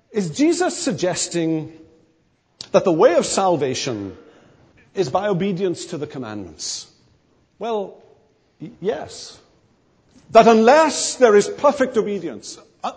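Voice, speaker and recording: A man preaching a sermon, emphatic and animated, his emphasis rising and falling. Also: high voice, slightly rough. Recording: long hall reverb.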